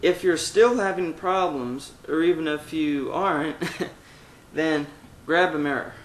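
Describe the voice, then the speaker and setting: At a measured pace, a male voice teacher on the higher side talks through vocal exercises one by one, demonstrating them with loud sung vowels and meows. The recording is reverberant and low in quality.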